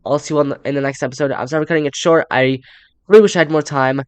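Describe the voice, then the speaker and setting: A man's voice: a little high, fairly even intonation, very fast, clear, resonant tone, no echo. A young man giving casual, rambling let's play commentary and reading game text aloud, with upbeat sign-offs. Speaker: gaming YouTuber.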